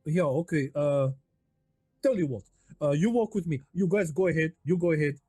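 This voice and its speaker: Male player, flustered rambling delivery, slightly high, dry. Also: moderate pace, mellow, no echo. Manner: nervous, stammering, rambling in character. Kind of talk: in-character tabletop play.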